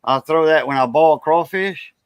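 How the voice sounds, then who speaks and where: A man's voice: a little high, moderate pace, smooth, no echo. A man in easygoing, casual chat, talking fondly about cooking.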